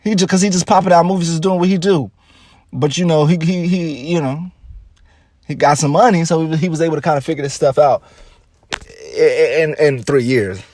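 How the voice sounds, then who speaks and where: A man's voice: on the high side, a little fast, darkish tone, no echo, clean studio sound. A man giving casual, rambling commentary on celebrity news, laughing often and repeating himself.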